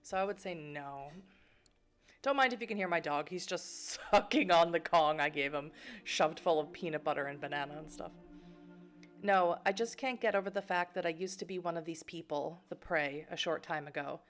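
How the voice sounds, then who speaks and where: A woman's voice: low-pitched, normal speed. A young woman streaming a narrative game, chatting playfully with many fillers and laughs while reading the game text aloud.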